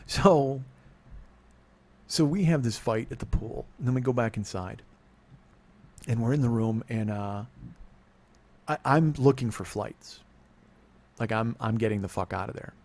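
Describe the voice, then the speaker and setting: A man's voice: mid-range voice, measured pace, long pauses, darkish tone. A middle-aged man from California telling a long personal story, rambling and profane, often cutting himself off mid-sentence. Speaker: podcast host. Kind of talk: confessional monologue.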